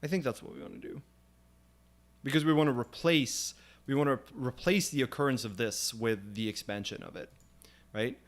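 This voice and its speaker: A young man hosting a live coding session, thinking aloud as he explains code and works through ideas, often pausing with fillers and restarts. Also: mid-range voice. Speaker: programming stream host.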